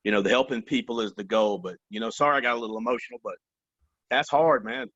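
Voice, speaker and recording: A man's voice: medium pitch, quick pace, a bit bright, no echo, muffled recording. A man in his forties, a company vice president, giving earnest interview answers, repeating phrases and often saying "man" and "you know".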